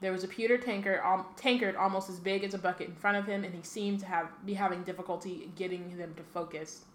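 A woman's voice: mid-range voice, steady tone. Woman co-host reading aloud and chatting. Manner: quick reading with frequent self-corrections and fillers. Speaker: podcast co-host. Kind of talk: reading a novel aloud and casual chat. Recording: echoey room with faint ambient noise.

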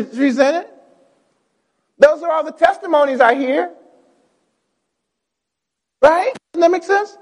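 A male pastor preaching a sermon, calling on the congregation, repeating words and rising into shouts. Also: very high voice, measured pace, pauses often, long reverb tail.

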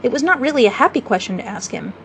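Woman reading a kids story on the radio, higher voice, little background hiss. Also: expressive, fast talker, poor audio. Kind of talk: reading a children's classic aloud.

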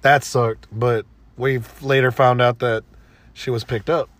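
A man's voice: medium pitch, flat delivery, a little slow, no echo. A man co-hosting a podcast in casual chat, laid-back and blunt, with plenty of slang. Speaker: podcast co-host.

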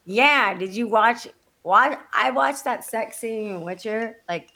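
A woman in casual chat, teasing her co-host and gushing excitedly about actors. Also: fairly high pitch, slow pace.

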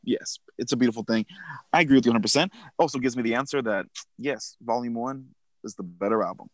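A man's voice: mid-range voice, fast talker, dry recording. A man in casual music talk who chimes in playfully and laughs often.

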